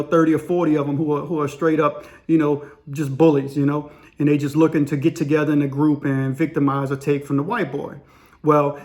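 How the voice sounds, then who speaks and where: A man telling a story in a rambling, slangy way, full of fillers. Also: on the high side. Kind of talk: casual spoken storytelling.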